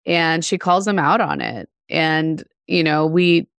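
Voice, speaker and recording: Low gravelly woman, chatty. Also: slow pace, fairly bright tone, no echo. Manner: chatty, filler-heavy, laughs often. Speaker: podcast co-host. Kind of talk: casual chat about a TV show.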